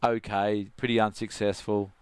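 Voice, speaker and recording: This clip features a lowish, clean male voice at a moderate pace, recorded without echo. He's a middle-aged Australian who coaches surfing, and as a podcast guest he tells casual stories animatedly, mimicking his friends and laughing a lot.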